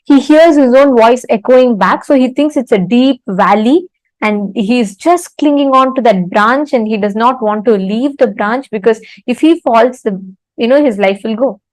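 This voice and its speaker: Unhurried woman giving a spiritual talk. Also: on the high side, a little mellow, dry recording, low-quality recording. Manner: unhurried, pausing often, telling a story with acted-out quotes. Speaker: spiritual teacher. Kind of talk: live online spiritual discourse with a parable. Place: temple.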